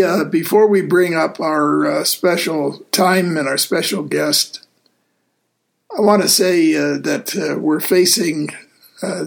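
A man hosting a casual talk show as a deacon, speaking in an earnest, easygoing way with frequent pauses. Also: fairly high pitch, vocal fry. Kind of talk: casual radio show chat.

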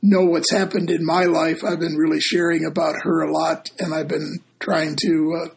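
Host, man, gravelly voice a bit high, halting questions. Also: flat delivery, low-quality recording. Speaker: interview host. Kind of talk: interview questions.

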